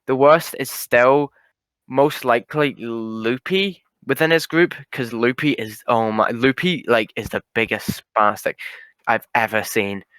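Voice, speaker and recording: Bright-voiced man in rambling, profane chat. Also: mid-range voice, a little slow, smooth, dry recording. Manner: rambling, profane, stumbling restarts. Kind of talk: casual chat.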